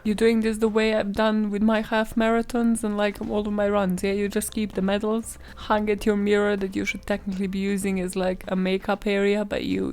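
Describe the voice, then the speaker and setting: A woman hosting a solo podcast, telling a crime story with sarcastic, swearing asides. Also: medium pitch. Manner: animated, swearing, sarcastic asides, frequent laughs. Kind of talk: comedic true-crime monologue.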